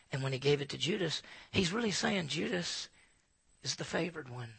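A man preaching an expository sermon in an animated way, acting out asides in hushed voices. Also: on the high side, moderate pace, creaky, slightly rough, no echo. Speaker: pastor.

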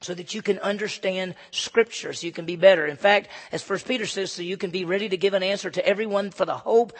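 Guy preaching, kinda high voice, husky, echo from the church hall. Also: quick pace. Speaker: pastor. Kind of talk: sermon. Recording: long hall reverb.

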